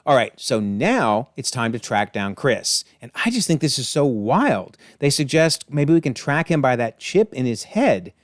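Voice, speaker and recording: A man's voice: medium pitch, big pitch swings, moderate pace, hardly any pauses, no room sound, studio quality. A man hosting a casual, enthusiastic episode breakdown, chatting through scenes and quoting lines. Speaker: video essay host.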